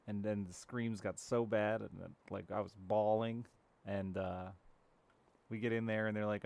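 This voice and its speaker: Streaming a game, this thirty-something man talks openly and casually with his viewers and occasionally curses. His fairly low voice is steady, a little mellow and creaky, moving at normal speed.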